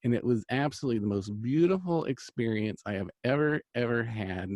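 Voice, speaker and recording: In a casual storytelling chat, a middle-aged man who hosts, reads angel cards and does healing work tells a long personal tale. His mid-range, darkish voice is animated and a little quick, earnest and rambling with many fillers and restarts, with no echo.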